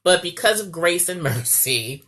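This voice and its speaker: A woman's voice: lowish voice, expressive, a little slow, a bit bright. A woman giving casual marriage advice as a coach, chatty and often checking in with "okay?". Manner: chatty, repeats "okay?" to the viewer.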